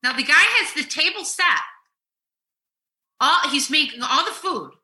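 A middle-aged woman talks casually as a podcast host with a therapist's ease. Her voice is very bright and lively in pitch. She tells stories animatedly, getting loud, then dropping to a hush. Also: a little slow, poor audio. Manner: animated storytelling, swings from loud to hushed.

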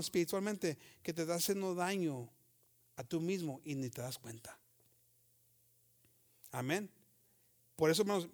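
Male preacher, high voice, fervent emphatic sermon with frequent amens.

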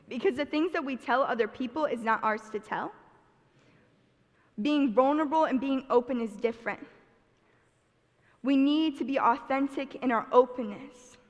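A woman's voice: sits high, a bit bright. A woman preaching a sermon in an earnest, conversational way, telling stories from her childhood. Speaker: speaker giving a sermon. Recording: long hall reverb.

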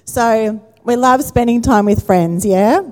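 A woman's voice: on the high side, slow pace, a little mellow. A woman pastor, giving a conversational sermon and asking the congregation questions. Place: church auditorium. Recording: church hall with long reverb.

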